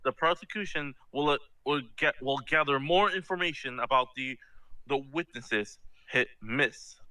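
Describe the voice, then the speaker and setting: A man's voice: mid-range voice, normal speed, pushed and bright, natural voice, low-quality recording. A man voicing a stern old judge in a fan voice-over of a game, stumbling over his formal words.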